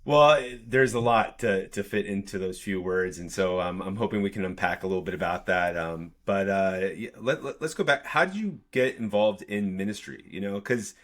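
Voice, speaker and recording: A male podcast host with a lowish voice opens the show and talks with his guest. He is upbeat and chatty, often restarting a phrase when he trips over it. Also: moderate pace, few pauses. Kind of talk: podcast hosting and interviewing.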